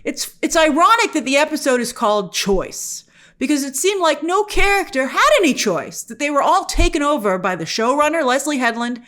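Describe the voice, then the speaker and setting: A woman hosting an online review show, speaking with a fairly high voice that leaps up and down in pitch. She talks casually and straight to the viewers, sounding animated and exasperated. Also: normal speed. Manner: animated and exasperated, often mock-quoting characters; talks directly to the viewers with questions. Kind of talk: casual spoken review commentary.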